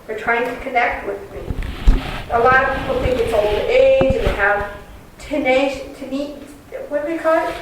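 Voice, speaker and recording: A woman's voice: high voice, normal speed, close to an everyday voice. A woman channeling a kind cosmic commander, very echoey. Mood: instructive. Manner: earnest teaching tone, calm and reassuring. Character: Commander Ashtar, a kind, loving male cosmic being. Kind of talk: channeling session. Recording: very echoey room, distant mic, noisy.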